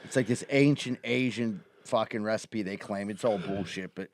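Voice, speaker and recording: A man's voice: on the low side, moderate pace. A man hosting a podcast, telling loose rambling anecdotes and laughing a lot. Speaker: podcast host. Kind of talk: casual chat.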